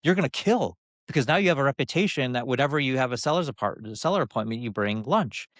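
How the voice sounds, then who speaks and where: A man's voice: medium pitch, lively intonation, fast talker, fairly bright tone, no echo, studio quality. A middle-aged man, a former TV executive, talking casually as an interview guest and telling anecdotes that drive points home by repeating phrases. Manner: loose delivery with frequent fillers and restarts. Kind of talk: conversational storytelling.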